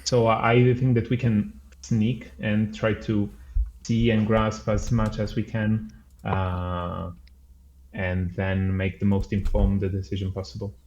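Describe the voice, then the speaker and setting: A man playing a tabletop game, halting and searching for words as he describes things. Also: fairly low pitch, level tone, darkish tone, muffled recording. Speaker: player.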